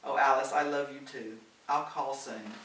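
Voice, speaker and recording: A man's voice: medium pitch, steady tone, moderate pace, a bit bright, natural voice. A man voicing an anxious middle-aged mother on a trip abroad, earnest and emotional, recorded far off in a roomy space with faint hiss. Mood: coaxing.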